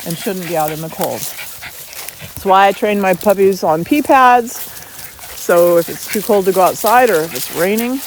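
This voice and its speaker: A woman's voice: lowish voice, a little mellow, a little hiss or hum, low-quality recording. A woman dog breeder hosting a casual vlog outdoors in a pasture, talking informally about her dogs. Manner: chatty, informal, breaks off to call her dogs. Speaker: dog breeder and channel host.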